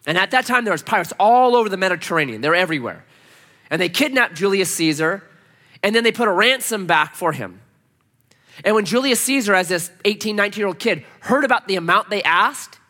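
A man's voice: high voice, pushed and bright. A man preaching a sermon, telling stories with humor and emphatic repetition. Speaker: pastor.

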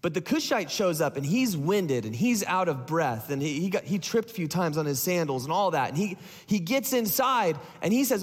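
A pastor preaching a sermon, retelling a story in a casual, joking way. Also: male voice, a little high, expressive, fairly quick, husky, big-room sound.

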